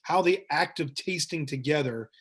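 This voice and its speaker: A man leading a tasting webinar, talking in a thoughtful, descriptive way and pausing to find the right words. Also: on the high side, fairly bright tone, breathy edge. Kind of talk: guided tasting talk. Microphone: webinar mic.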